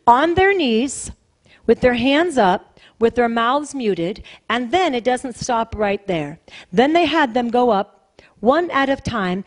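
A woman's voice: fairly high pitch, expressive, slow. A woman pastor preaching a sermon in a conversational, emphatic way, repeating phrases for weight.

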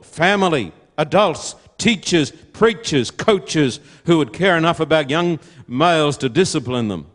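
A man's voice: fairly high pitch, a bit bright. An older man preaching a sermon to an audience, emphatic and full of rhetorical questions.

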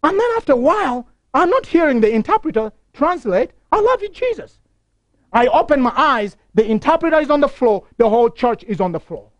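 A man's voice: very high-pitched, big pitch swings, brisk, few pauses, no room sound, muffled recording. A man preaching a broadcast sermon, telling stories with passion and repeating key phrases. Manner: impassioned storytelling with repeated phrases.

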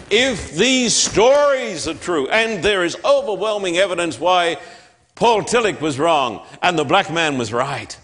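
A man's voice: sits high, fairly bright tone. A man preaching a sermon in church, with an emphatic, repetitive cadence. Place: church sanctuary. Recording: long hall reverb.

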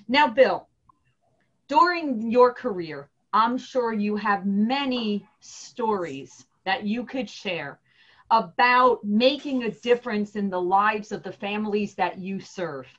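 A woman's voice: medium pitch, animated, slow. A woman hosting an interview, asking her guest questions in an encouraging, upbeat way. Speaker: interview host. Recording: dull lo-fi sound.

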